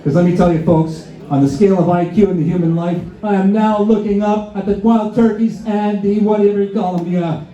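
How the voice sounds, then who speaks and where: Male stand-up comedian, fairly high voice, very dark mellow tone, sarcastic, echoey lo-fi bar recording. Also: steady tone, brisk, few pauses. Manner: sarcastic, acts out phone calls with mock-pompous asides. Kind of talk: live stand-up set. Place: bar and grill stage before a laughing crowd. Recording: echoey bar room, dull lo-fi sound.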